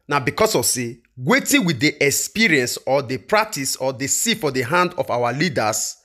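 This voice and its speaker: A man with a Nigerian accent hosting his channel, giving animated, preachy commentary straight to his viewers. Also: medium pitch, husky. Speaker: channel host. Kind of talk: broadcast commentary in Pidgin.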